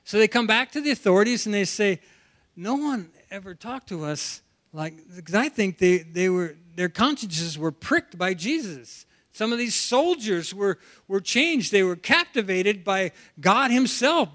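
A man's voice: sits high, lively intonation, moderate pace, few pauses, a bit bright. A man preaching an expository sermon, talking animatedly and often repeating words as he restarts a phrase. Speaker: preacher teaching from the Bible.

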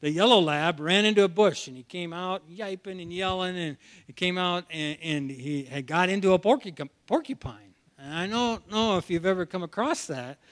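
A man's voice: high-pitched, normal speed. A man preaching an expository sermon, talking animatedly and often repeating words as he restarts a phrase. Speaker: preacher teaching from the Bible.

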